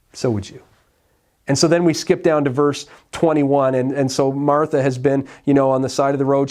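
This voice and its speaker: Pastor guy preaching, acts out the bible story voices, mid pitch, church service. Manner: animated storytelling, acts out dialogue. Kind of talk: sermon. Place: church sanctuary.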